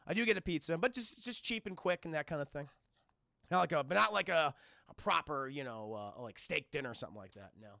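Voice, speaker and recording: A man's voice: on the high side, expressive, fast, creaky, sharp tone, no room sound, studio quality. A young man with a New York accent chatting casually on a livestream, rambling and swearing as he talks to his chat. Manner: rambling, profane, addresses chat constantly. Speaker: streamer answering viewer questions.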